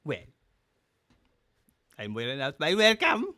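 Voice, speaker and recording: A man's voice: fairly high pitch, wildly swooping pitch, takes it slowly, pushed and bright, heavily acted. A man playing a mild older uncle overstaying his visit, in a polite, formal tone.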